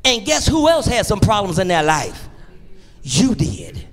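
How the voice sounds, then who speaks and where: A man preaching a sermon in church, in a call-and-response style that swings between shouts and quiet asides. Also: sits high, big pitch swings, measured pace. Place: church sanctuary.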